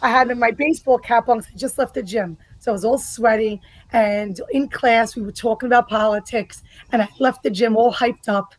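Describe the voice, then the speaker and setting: A woman from the New York area, a guest on a podcast, talking in a blunt, profane and forceful way. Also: on the high side, steady tone, moderate pace, dry recording, poor audio. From United States. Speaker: guest, political ranter. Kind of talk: casual podcast chat.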